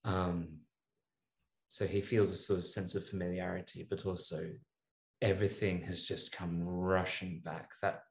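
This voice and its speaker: A man playing a tabletop game, thoughtfully describing his character's feelings with pauses and fillers. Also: low voice, level tone, gravelly, reverberant. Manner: slow, thoughtful, hesitant with fillers. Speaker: player.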